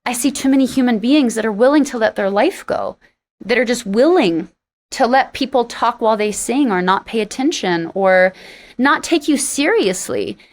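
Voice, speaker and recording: Middle-aged female singer, podcast guest, emphatic and animated raconteur. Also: moderate pace. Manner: animated, acts out quoted exchanges with sharp jumps in pitch; frank and emphatic. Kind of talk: storytelling in a podcast interview.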